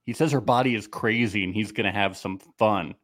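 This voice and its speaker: A man's voice: fairly low pitch, a little fast, fairly bright tone. A man co-hosting a casual podcast recap, joking around and slipping into silly voices. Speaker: podcast co-host.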